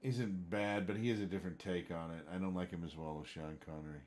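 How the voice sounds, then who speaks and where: Male streamer, lowish voice, casual rambling chat that flares up now and then. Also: steady tone, fast talker, darkish tone, a little hiss or hum. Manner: rambling, gets worked up, trails off searching for names. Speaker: livestream gamer chatting with viewers.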